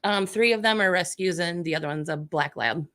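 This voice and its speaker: A woman's voice: on the low side, fairly quick, fairly bright tone. A woman, a contestant on a radio quiz, giving short, laughing answers about her husband. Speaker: game show contestant. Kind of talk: casual radio chat.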